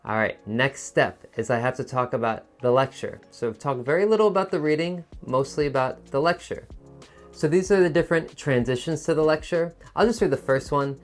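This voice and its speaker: A man's voice: on the high side, a little fast, soft background music. A man teaching a test-prep lesson in a patient, encouraging teacher voice, explaining step by step. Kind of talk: instructional video lesson.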